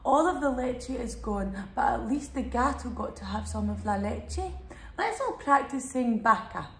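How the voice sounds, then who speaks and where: A children's Spanish teacher and storyteller leads young kids through a bilingual storybook, sing-song and exaggerated, prompting them to repeat words. Her voice is fairly high and animated, at a moderate pace, in a roomy space.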